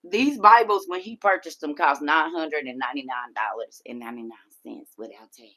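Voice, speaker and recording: Low, bright-voiced woman telling a story. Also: a little fast. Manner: animated, talks straight to her audience. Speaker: livestream host. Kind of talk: casual storytelling to viewers.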